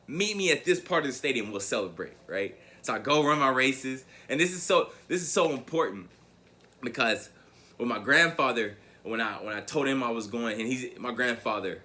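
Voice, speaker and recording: A man's voice: mid-range voice, bright, forceful tone. A man in his thirties giving a motivational keynote, telling a story with emphatic repeats. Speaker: motivational speaker.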